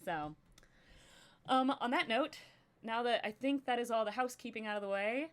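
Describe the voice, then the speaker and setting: A woman's voice: fairly high pitch, moderate pace. A young adult woman hosting a live stream and running a game, talking casually and rambling with many fillers. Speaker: stream host and game master.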